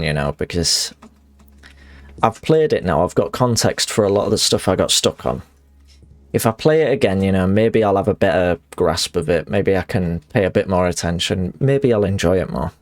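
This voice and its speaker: Brief: man, low gravelly voice, rambling self-deprecating game streamer, dry close mic. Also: no echo. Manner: chatty, rambling, self-deprecating with frequent restarts. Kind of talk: casual gameplay commentary and reading in-game letters aloud.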